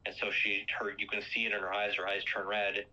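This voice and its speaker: A man's voice: lowish voice, completely flat delivery, fast, pushed and bright, lo-fi sound. A man casually retelling a movie's plot, rambling with lots of fillers and acting out quoted lines.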